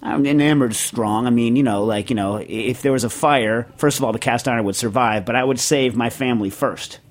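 A middle-aged man with a mid-range voice speaks fairly quickly as he hosts a podcast. In a casual chat, he reads a listener question and rambles through the answer with jokes, filler words and restarts.

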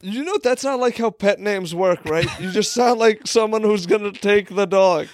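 Man, high voice, podcast co-host, teasing, bossy, casual banter. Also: moderate pace, dry recording, clean studio sound. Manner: teasing, bossy, directs the others.

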